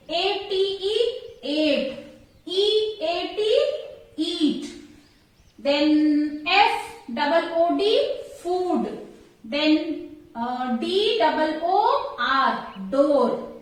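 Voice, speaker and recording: A woman teaches a workbook lesson at an unhurried pace. She patiently spells words out letter by letter in a very high voice. The sound is distant and echoes heavily around the room. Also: a bit bright. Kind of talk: explaining a school workbook lesson. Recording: echoey room, voice far from the mic.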